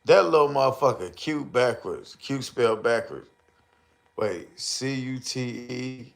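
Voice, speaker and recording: A man with commentating a live stream, ranting and joking loudly with slang and mocking put-on voices. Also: medium pitch, slow, creaky. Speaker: streamer reacting to videos.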